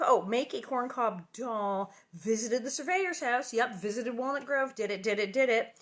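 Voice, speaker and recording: Middle-aged lady chatting on a home livestream, bright forceful voice, bubbly and rambly. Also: mid-range voice, a little slow, few pauses. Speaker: livestream host reading aloud. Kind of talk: casual livestream chat. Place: living room at home.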